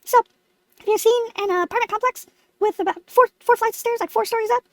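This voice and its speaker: A woman's voice: extremely high pitch, fairly quick, no room sound. A woman voicing a brash, foul-mouthed lemon puppet host, telling a boastful comic story.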